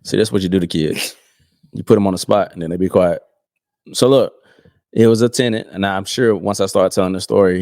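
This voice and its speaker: A man co-hosting a podcast, telling a story in a casual, animated way. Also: low voice, dry recording. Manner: animated, acts out voices in quoted dialogue. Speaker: podcast co-host.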